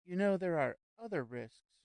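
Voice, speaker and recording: A fretful high-society lady who stammers and repeats herself as she warns of danger, her voice lifted well above a man's usual pitch, as a male narrator puts her on. She talks in a smooth, clear tone with no room around it, like a storybook reading. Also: animated, normal speed, a little mellow, dry recording. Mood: anxious. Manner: nervous, hesitant, stammering repeats. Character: anxious fussy society lady hostess.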